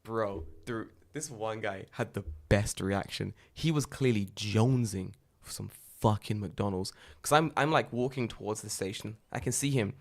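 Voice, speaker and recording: A man co-hosting a podcast, telling stories in a loose, animated way and swearing often. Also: fairly low pitch, normal speed, hardly any pauses. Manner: animated storyteller, swears a lot. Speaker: podcast co-host. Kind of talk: casual chat.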